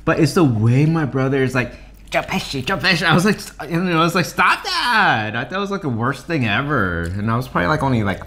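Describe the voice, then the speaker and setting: A man's voice: mid-range voice, fast, hardly any pauses. A young man co-hosting a mukbang, chatting casually and teasing himself playfully while eating. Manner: animated, playful and self-teasing. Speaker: co-host of a mukbang channel.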